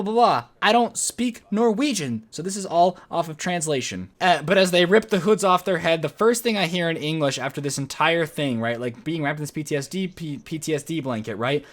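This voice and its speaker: A man's voice: a little high, fairly bright tone. A young man telling a jokey story on his vlog, full of slang and playful exaggeration. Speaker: vlogger.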